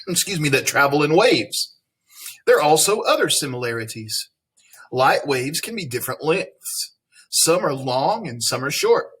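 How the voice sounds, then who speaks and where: A man with a slightly husky voice reads a science text to his class. He pauses for friendly questions and jokes with the students as he goes. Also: fairly high pitch, fairly bright tone. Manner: friendly, playful asides to students. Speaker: teacher. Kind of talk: recorded classroom lesson reading aloud.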